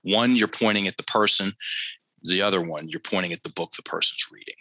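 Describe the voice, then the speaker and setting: Guy on a podcast telling a story, low and punchy, keeps repeating stuff for emphasis, dry close sound. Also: a little fast, pushed and bright, no room sound, rough recording. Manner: emphatic, repeats key phrases for effect; addresses listeners directly, teacherly. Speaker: podcast guest. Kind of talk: conversational storytelling.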